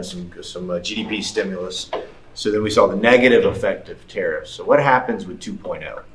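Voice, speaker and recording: A man in the audience puts a long, hesitant question, padding it with fillers. His voice is very low. He is heard from a distance in a roomy space, with faint noise behind him. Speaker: audience member asking a question.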